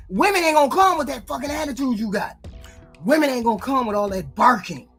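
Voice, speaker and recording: A woman's voice: high-pitched, lively intonation, a little fast, breathy edge, soft background music. A woman giving blunt, profane reaction commentary on dating, lecturing her audience. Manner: blunt, lecturing, heavy swearing.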